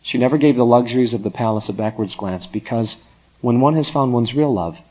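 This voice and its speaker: A man narrating a story in an expressive, dramatic storytelling manner. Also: medium pitch, brisk.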